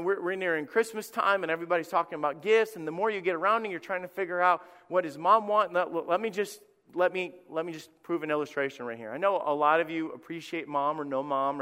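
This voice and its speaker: A middle-aged man preaching a sermon as pastor, telling stories in a conversational, animated way and acting out quotes. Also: high voice, clear, resonant tone. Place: church sanctuary. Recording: long reverb of a church hall.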